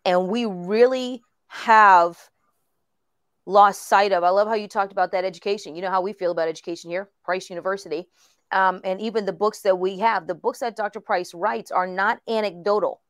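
A woman's voice: medium pitch, moderate pace, no room sound, studio quality. A woman apostle hosting a ministry talk, telling stories with animation and frequent laughter. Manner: animated storytelling, laughs often. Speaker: host, apostle. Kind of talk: casual ministry discussion.

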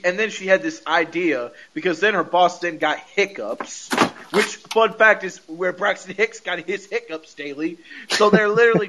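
A man chats through a casual podcast recap in a high voice. His tone is bright and forceful, and he tells the story animatedly with frequent laughs. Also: poor audio. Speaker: podcast host.

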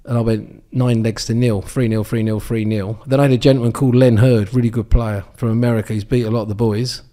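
In a casual interview, an Englishman in his sixties who used to be a darts champion tells wandering anecdotes, stumbling into ums and restarts. He talks at a quick pace in a steady, mellow, mid-range voice.

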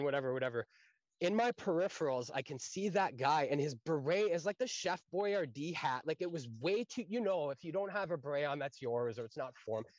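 A man's voice: a little high, no echo. Male, 30s, soldier guest, casual swearing storyteller, dry muffled audio. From Canada. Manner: animated, acts out quotes, swears freely. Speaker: guest, infantry private.

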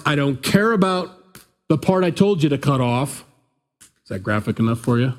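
A man preaching a conversational sermon into a microphone in a small church room, animated and acting out different voices. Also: medium pitch, normal speed. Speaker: pastor. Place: church room, not big. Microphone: pulpit microphone.

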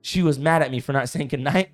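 A man in his thirties co-hosting a casual podcast, telling a story in an animated way, getting loud and worked up, saying "bro" a lot. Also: fairly high pitch, fairly quick, faint music behind. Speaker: podcast co-host.

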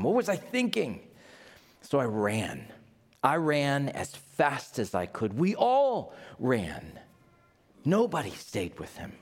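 A man's voice: mid-range voice, exaggerated voice. A man voicing a remorseful male disciple in the first person, speaking in a confessional tone as part of a church sermon. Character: remorseful male disciple recalling his denial.

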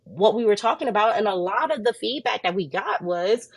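A young woman co-hosting a faith podcast, telling her story in an animated way and jumping into high voices when she quotes people, sounding tired and worn down. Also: fairly quick, slightly rough. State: tired and under the weather. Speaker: podcast co-host. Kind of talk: casual faith podcast chat.

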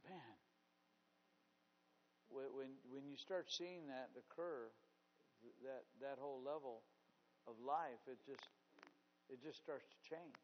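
Pastor preaching in a reverberant hall. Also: male voice, medium pitch, moderate pace, pauses often, slight background noise. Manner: storytelling with many restarts, swells from hushed to loud. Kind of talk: sermon. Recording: dull sound with long hall reverb.

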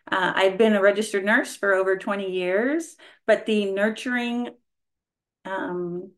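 Effusive woman from California in her 40s. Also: mid-range voice. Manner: effusive, grateful, filler-heavy. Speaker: registered nurse and spiritual practitioner, roundtable guest. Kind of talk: casual chat on a video call. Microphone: video call.

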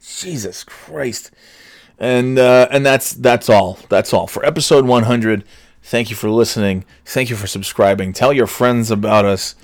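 A man's voice: mid-range voice, normal speed, dry recording. A man hosting his podcast alone, rambling in a casual, profane, sardonic way with plenty of fillers. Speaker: podcast host. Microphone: headphones on, podcast microphone.

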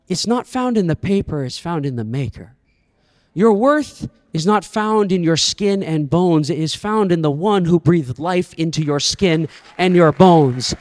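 A man's voice: high voice, expressive, a little slow, studio quality, some chatter behind. A young man preaching a sermon, telling a story with humor and dramatic flair. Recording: echoey church hall.

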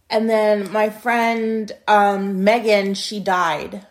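A young adult woman hosting a podcast, telling a rambling story in a casual, profane and blunt way. Her loudness swings between emphatic bursts and muttered asides. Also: medium pitch, little pitch movement, very slow, few pauses. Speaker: podcast host.

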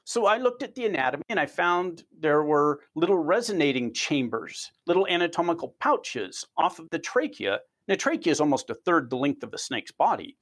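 A man, a research scientist, answering interview questions as an animated storyteller who repeats words at the start of phrases. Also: fairly high pitch.

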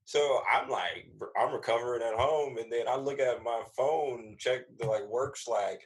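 A man's voice: normal speed, low-quality recording. A man, a comedian guest, telling a story in casual, profane chat, acting out the people he quotes. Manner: animated, acts out quoted voices with big pitch jumps; slangy and profane.

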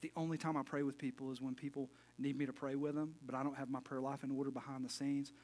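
A man's voice: mid-range voice, little pitch movement, fast talker, a little mellow. A middle-aged man preaching a casual sermon as pastor, folksy and full of joking asides.

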